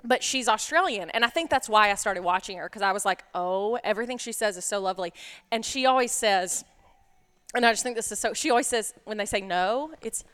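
A woman in casual chat as a podcast co-host, excitable and quick to laugh while retelling stories. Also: on the high side, smooth, long reverb tail.

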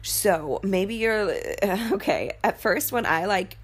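A woman's voice: medium pitch, lively intonation, takes it slowly, husky. A young woman hosting a podcast from her apartment, talking casually about morning affirmations, full of fillers and swearing. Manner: chatty, swears freely, frequent fillers. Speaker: podcast host. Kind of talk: casual spiritual podcast monologue.

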